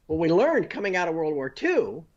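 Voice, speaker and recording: A man talking through finance as an interview guest, his voice sitting a little high for a man. He builds each point one step at a time and checks in with the host as he goes. The remote audio comes through dull and lo-fi. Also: very animated, moderate pace. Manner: explains step by step with frequent "you know" and "okay?". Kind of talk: conversational interview.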